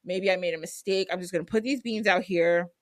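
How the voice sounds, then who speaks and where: A woman's voice: on the low side, brisk, no room sound, pitched below the performer's own voice, lightly acted. A woman voicing an imaginative poor farm boy who talks in casual slang. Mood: dejected.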